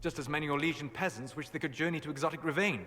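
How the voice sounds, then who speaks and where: An actor voicing a calm, scholarly male elf mage in a video game, explaining things in a measured way. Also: a little high, a crowd in the background, natural voice. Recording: game audio with long reverb.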